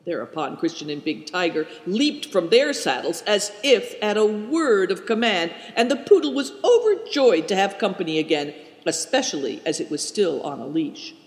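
A man narrating a storybook in a steady storytelling manner, in a roomy recording. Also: high voice, moderate pace, hardly any pauses. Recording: roomy hall reverb.

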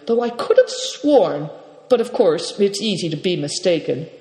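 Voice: medium pitch, expressive, moderate pace, warm tone, lightly acted. A storyteller voicing a shrewd, jovial male trader who bargains with sly courtesy. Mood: sly, genial. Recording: reverberant, echoey room.

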